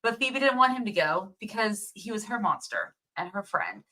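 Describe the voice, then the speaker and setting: A woman co-hosting a casual movie review chat, retelling the plot in a lively way and laughing often. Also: medium pitch, normal speed.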